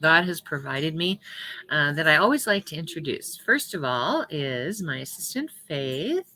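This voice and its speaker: A low-pitched woman minister with a bright, clear edge to her voice gives chatty welcome announcements. She introduces her team with easy asides and laughs often. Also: very animated, measured pace. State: hiccups. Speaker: senior minister.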